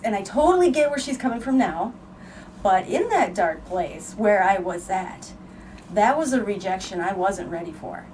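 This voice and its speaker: A woman hosting a podcast, speaking with frank, emotional candor and the odd curse word. Her voice sits at a middle pitch and sounds set back from the mic. There is clear background noise throughout. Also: expressive, moderate pace, a little mellow, recorded from a distance, low-quality recording. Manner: emotional, earnest, frank with occasional swearing. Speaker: podcast host. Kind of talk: candid conversational storytelling.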